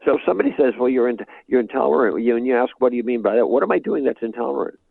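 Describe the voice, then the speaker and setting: A male guest author explaining his ideas in a measured, conversational way during an interview. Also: mid-range voice, expressive, vocal fry, slightly rough, no echo. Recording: tinny phone-like remote line.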